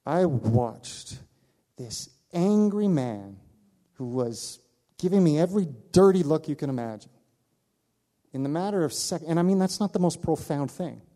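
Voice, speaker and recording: A man preaching, telling a personal story with animated delivery, acting out the voices of others and laughing at himself. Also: on the high side, measured pace. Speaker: pastor. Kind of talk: sermon storytelling.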